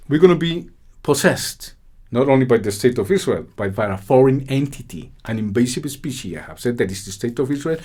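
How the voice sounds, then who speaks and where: A man from Colombia, delivering an angry, indignant political monologue peppered with swearing. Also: mid-range voice. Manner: loud, indignant, swearing, with mocking laughs. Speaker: political commentary host.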